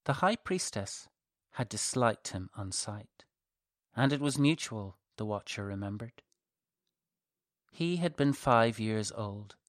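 A man reading his own dark fantasy story aloud in a measured, softly dramatic narration. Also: fairly low pitch, lively intonation, no room sound, clean studio sound.

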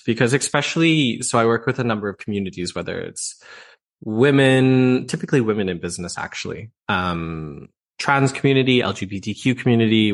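A man from Canada, a voice teacher, talking as a guest in a conversational interview, thoughtful and expressive with many fillers. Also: on the low side.

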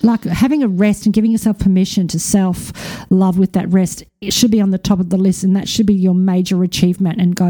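A woman hosts a spiritual podcast in a loose, candid way, swearing freely and dropping quick asides. Her voice is mellow and warm. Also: mid-range voice. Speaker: podcast host; spiritual reader and coach. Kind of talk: casual spiritual talk.

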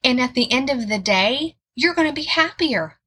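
A woman's voice: sits high, animated, moderate pace, bright, forceful tone, breathy edge. A woman giving an informal sermon, earnest and repeating words for emphasis. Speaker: Bible teacher.

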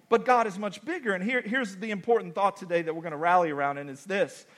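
A man preaching a sermon to a church. He repeats phrases for emphasis, calls out to the congregation, and rises into shouted, dramatic prayers. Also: high voice, brisk, few pauses. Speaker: pastor.

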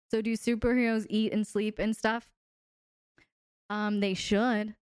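Playful woman host with a smooth voice. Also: medium pitch, no echo, studio quality. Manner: playful and teasing, laughs often. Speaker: host and relationship coach. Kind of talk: casual live-stream sign-off answering chat.

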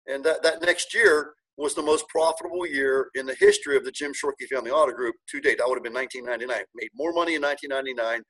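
A man's voice: medium pitch, very fast, hardly any pauses, pushed and bright, husky, rough recording. A middle-aged man telling his story as an interview guest, earnest and emotional, with many restarts. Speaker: guest, car dealership owner.

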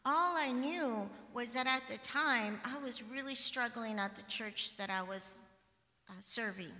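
A woman pastor in her middle years, preaching in a relaxed storytelling way. Her voice is bright and rather high for a woman. A long church reverb trails after every phrase. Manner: personal storytelling, conversational and animated. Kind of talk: sermon. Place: church sanctuary.

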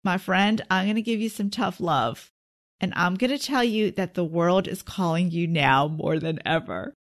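A woman's voice: fairly low pitch, normal speed. Middle-aged woman life coach on her podcast, earnest and encouraging, talking right to you. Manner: earnest and encouraging, speaks directly to listeners. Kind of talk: solo podcast talk.

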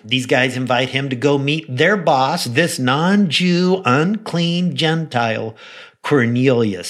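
A male pastor tells a story in an animated, conversational preaching style. His voice sits at a middle pitch. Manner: soft, prayerful close. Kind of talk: devotional podcast sermon.

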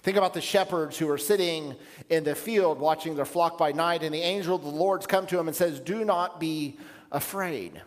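A man's voice: fairly high pitch, fairly even intonation. Reflective male pastor in echoing hall. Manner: measured, reflective preaching with pauses. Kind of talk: sermon.

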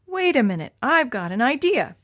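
A woman's voice: a little high, expressive, normal speed, dry recording. A woman reading the lines of an eager young boy in a storybook, in a dry, close voice. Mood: earnest. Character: eager boy who uses a wheelchair.

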